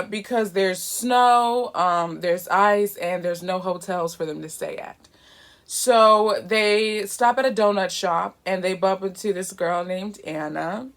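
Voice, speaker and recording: Woman, casual movie reviewer, lively and chatty, some vocal fry. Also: mid-range voice. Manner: animated, chatty, laughs often.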